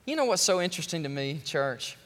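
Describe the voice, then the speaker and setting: A man preaching a sermon as pastor, animated and joking, speaking straight to his congregation. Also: fairly high pitch, brisk. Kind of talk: lively sermon. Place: large church sanctuary. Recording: long church hall reverb.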